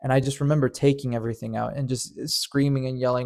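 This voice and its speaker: A man's voice: medium pitch, little pitch movement, fast, vocal fry, darkish tone. A man narrating a painful personal story in an earnest, emotional way, often stammering and repeating words. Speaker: storyteller and channel host.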